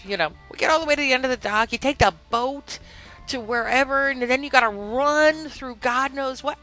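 Animated woman telling a gaming story. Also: high voice, normal speed, soft background music, poor audio. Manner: animated, acts out quotes in varied voices. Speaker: podcast host. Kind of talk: casual storytelling.

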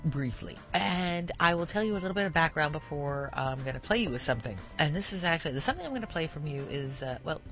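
Lively, rambling woman podcast host. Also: deep voice, quick pace, few pauses, soft background music. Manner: rambling, digressive, laughs often. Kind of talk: casual podcast chat.

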